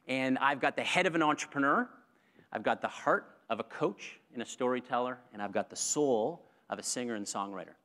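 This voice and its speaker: High-voiced upbeat male keynote speaker. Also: fairly bright tone. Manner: upbeat, leads audience in clapping rhythms. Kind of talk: live motivational stage talk. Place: conference room with live audience.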